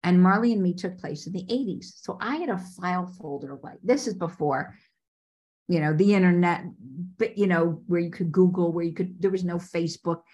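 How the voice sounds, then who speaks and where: Animated woman telling a work story. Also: fairly low pitch, moderate pace. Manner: animated, acts out quoted voices. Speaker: casting director. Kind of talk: storytelling in a podcast interview.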